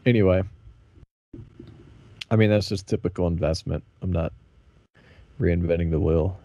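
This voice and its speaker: A man's voice: sits low, moderate pace, dark tone, dry recording. A man from the American South co-hosting a podcast in loose, profane, laid-back banter. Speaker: podcast co-host. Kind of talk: casual chat.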